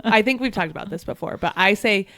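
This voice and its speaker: A woman's voice: mid-range voice, fast, fairly bright tone, dry recording. A woman with a New Jersey accent, co-hosting a podcast in a casual chat, wry and exasperated in tone. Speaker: podcast co-host.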